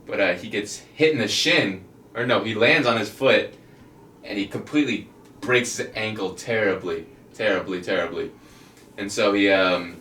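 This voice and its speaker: A man's voice: lowish voice, bright, forceful tone, roomy sound, recorded from a distance, slight background noise. A man co-hosting a casual chat podcast, rambling with lots of fillers and laughing often. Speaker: podcast co-host.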